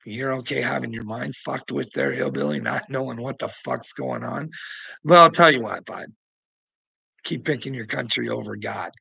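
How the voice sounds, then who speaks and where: A gravelly, raspy man delivers a profane, combative rant in a tense, edgy voice. He sounds scornful and laughs often between jabs, with a dry, close sound. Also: mid-range voice, moderate pace, bright, forceful tone, no echo, rough recording. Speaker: vlogger. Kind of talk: ranting commentary.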